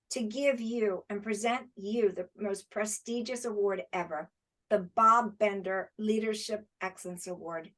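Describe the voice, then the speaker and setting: A woman's voice: mid-range voice, a bit bright. A woman presenting an award over a video call, giving effusive praise with emphatic repetition.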